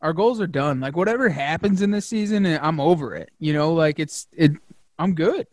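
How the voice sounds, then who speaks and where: A fairly high-voiced man tells hunting stories in a loose, excitable way, full of "you know" and casual swearing. His voice sits close and dry with no room around it. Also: brisk, no room sound. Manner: excitable, swears freely, lots of fillers. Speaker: podcast host.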